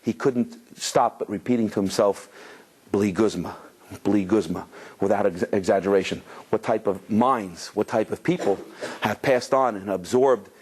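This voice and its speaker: A rabbi with a fairly low voice delivers a Torah lecture to a live audience. He tells stories in a conversational way, often restarting his sentences and mixing Hebrew and Yiddish terms into his English. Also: normal speed, a little mellow, slightly rough. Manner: storytelling with many restarts and quoted voices.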